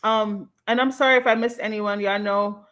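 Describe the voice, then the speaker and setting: A young adult woman hosting a casual livestream, talking in an animated, emphatic way and swearing freely. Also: mid-range voice, normal speed. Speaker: livestream host.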